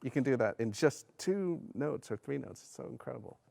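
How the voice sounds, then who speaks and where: A man coaching a bassoon section in rehearsal, singing phrases aloud between hesitant spoken notes. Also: expressive, brisk, gravelly, darkish tone, a little hiss or hum.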